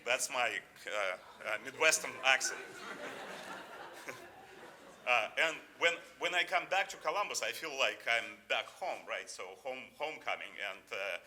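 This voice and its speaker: A man's voice: medium pitch, lively intonation, measured pace, bright, forceful tone, slight background noise. A man in his fifties with a non-native English accent, giving an informal award acceptance speech full of fillers and restarts. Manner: hesitant, many fillers and restarts, jokey.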